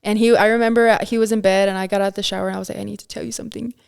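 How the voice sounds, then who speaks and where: A woman's voice: medium pitch, rapid-fire, vocal fry, clean tone. A young woman in casual chat as a podcast guest, telling a story animatedly and acting out quotes. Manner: animated, acts out quotes, many "like"s.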